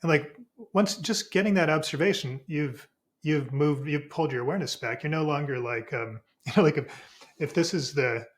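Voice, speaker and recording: A man, a spiritual teacher and podcast guest, explaining ideas in a relaxed, unhurried way with frequent restarts. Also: a little high.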